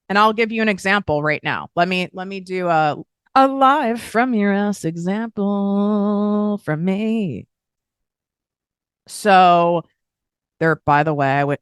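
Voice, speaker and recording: Woman, low pitch, smooth clear voice, blunt casual coaching, swears freely. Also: no echo, clean studio sound. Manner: blunt, swears freely, animated with emphatic asides. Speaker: podcast host and business coach.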